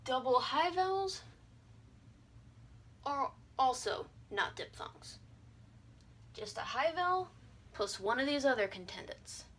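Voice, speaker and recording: A woman's voice: high-pitched, a bit bright. A young adult woman giving a casual video lesson, breezy and irreverent, sounding out vowels and words as she explains. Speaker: language teacher.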